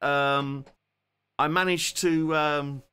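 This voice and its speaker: A guitarist streamer in his forties with a London accent chats informally with viewers during a relaxed live guitar session. His bright voice sits a little high and flows smoothly, very slowly and with fairly even intonation, while he jokes and pokes fun at himself.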